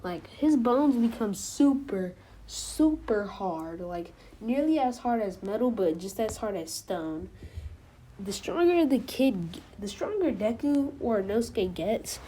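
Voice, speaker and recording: A woman's voice: medium pitch, dark tone, slight background noise. A woman casually retelling a fan-made story, rambling along with lots of fillers and stopping to correct herself. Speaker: channel host.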